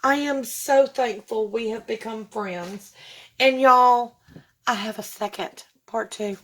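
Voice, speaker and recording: A woman's voice: on the high side, takes it slowly, fairly bright tone. Gushing woman vlogger. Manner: gushing and effusive, says y'all. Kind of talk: casual unboxing vlog.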